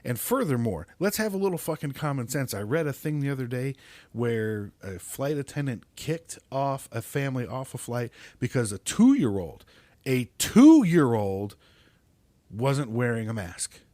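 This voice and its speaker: A middle-aged podcast host rants with constant swearing, tripping over his words when he gets worked up. His voice sits at an ordinary middle pitch. The recording is dry and close, with no room sound. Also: expressive, normal speed, darkish tone, no room sound. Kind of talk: profane ranting monologue.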